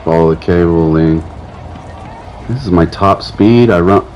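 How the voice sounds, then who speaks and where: Deep-voiced man cracking crude jokes. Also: unhurried, a little mellow, muffled recording, slight background noise. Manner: crude joking, mocks a Scottish accent. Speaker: streamer. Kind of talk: comedic gameplay commentary.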